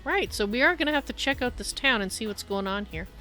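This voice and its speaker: A woman's voice: a little high, expressive, quick pace, sharp tone, faint music behind. Chatty woman streaming a game. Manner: chatty, apologetic, reads chat aloud. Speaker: livestreamer. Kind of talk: casual gameplay commentary.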